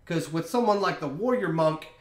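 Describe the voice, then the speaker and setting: A young man hosts a podcast, chatting casually over a beer in a rambling, offhand manner. His voice is fairly high and expressive at a normal speed, and the room adds a noticeable echo.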